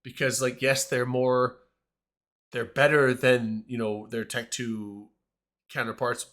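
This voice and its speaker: A man's voice: mid-range voice, flat delivery, slow pace, a bit bright. A man hosting a casual panel discussion, talking in a hesitant, rambling way with many restarts.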